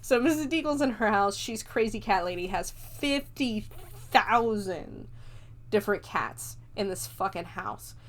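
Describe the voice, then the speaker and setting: A woman's voice: mid-range voice, lively intonation, normal speed, hardly any pauses. A woman hosting a podcast, retelling a film in casual, chatty talk, laughing often and swearing freely. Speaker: podcast host. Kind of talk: casual movie review chat.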